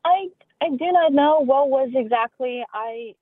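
A woman's voice: high-pitched, measured pace, no echo. A woman speaking as a film guest on a radio interview, earnest and full of restarts. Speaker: filmmaker guest. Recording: tinny phone line.

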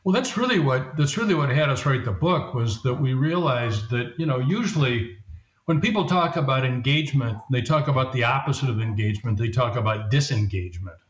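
A man's voice: mid-range voice, animated, fairly quick. Man explaining in a roomy, dull recording. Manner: explanatory, acts out quoted voices. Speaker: guest, leadership coach and author. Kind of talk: conversational podcast interview.

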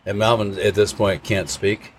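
A man with a low voice tells a rowdy story in loose, casual conversation, slipping into quick voices for the people in it. Faint noise hums under the recording. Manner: animated storyteller who acts out other people. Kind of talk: casual chat, anecdote.

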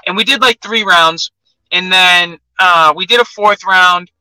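A young man tells a gym story in a high, very bright voice. He acts out what each person said as he goes. The sound is dry and close to the mic. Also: a little slow, clear, resonant tone, no echo, low-quality recording. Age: young adult. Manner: animated anecdote-telling, acts out quotes. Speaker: MMA fighter, guest. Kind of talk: casual storytelling in an interview.

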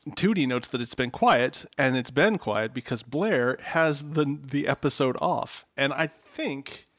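A man's voice: mid-range voice, lively intonation, unhurried, a bit bright, no echo. Man, casual podcast chat, jokey asides, medium voice, dry close mic. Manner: joking, laughs at his own asides. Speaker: podcast co-host. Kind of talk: casual chat recapping a TV episode.

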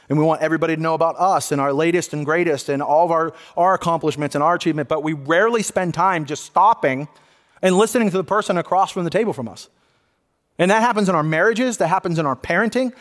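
Earnest preaching man, slightly high voice. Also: long reverb tail. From United States. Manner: earnest, conversational preaching with frequent restarts. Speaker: pastor. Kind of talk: sermon. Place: church sanctuary.

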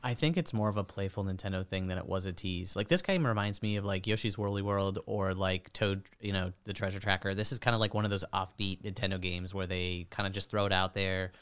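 Very deep, smooth-voiced podcast co-host. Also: male voice, fairly quick, few pauses. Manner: relaxed, opinionated, lots of "like". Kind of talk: casual gaming podcast chat.

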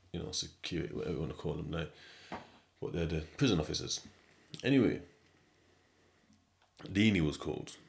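A man, hosting a podcast and telling a story in a casual monologue, animated and slangy, repeating himself and swinging between loud and quiet. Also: creaky. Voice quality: deep voice. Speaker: podcast host.

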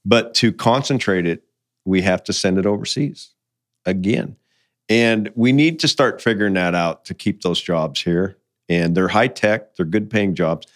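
A man's voice: deep voice, measured pace. A man from the mining industry who talks casually and tells folksy stories, quoting other people as he goes. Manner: folksy storyteller, quotes people in conversation. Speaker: mining guest. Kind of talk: casual podcast conversation.

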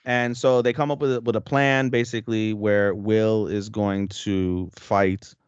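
A man's voice: on the low side, fairly even intonation, unhurried, smooth, no room sound, dull audio. Profane rambling young man recapping anime. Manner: rambling, profane plot recap with many fillers. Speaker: podcast co-host. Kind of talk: casual anime review chat.

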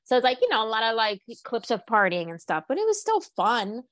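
Animated woman co-host, dry close sound. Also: fairly quick, no echo. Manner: animated, acts out quotes with swooping pitch. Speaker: podcast co-host. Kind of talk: casual chat.

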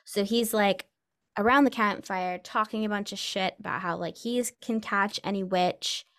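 Animated woman telling a spooky story. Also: mid-range voice, normal speed. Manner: animated, acts out quoted voices. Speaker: podcast co-host telling a story. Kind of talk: casual storytelling chat.

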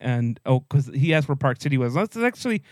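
A man's voice: medium pitch, sing-song, brisk, darkish tone, dry recording. Guy on a podcast, casual storytelling, chuckles a lot, dead dry room. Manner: laughs often while telling stories. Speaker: podcast co-host. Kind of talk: casual chat.

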